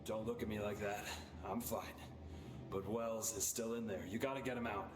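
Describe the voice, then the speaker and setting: Game role: a man as a stubborn wounded agent, gruff and wry, echoey audio. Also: on the low side, steady tone, normal speed, lightly acted.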